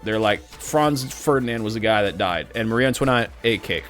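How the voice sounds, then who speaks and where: A man's voice: fairly low pitch, a little fast, hardly any pauses, soft background music. A man in his twenties from Missouri, chatting casually and sarcastically with his stream viewers. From Missouri, USA. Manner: animated, joking and sarcastic.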